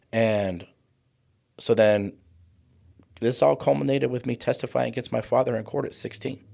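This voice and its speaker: A man's voice: mid-range voice, creaky, darkish tone. A man in his forties, a guest on an interview show, telling a personal story vividly and acting out the voices of people in it. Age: 40s. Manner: vivid storyteller who acts out quoted voices. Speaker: guest, trauma coach.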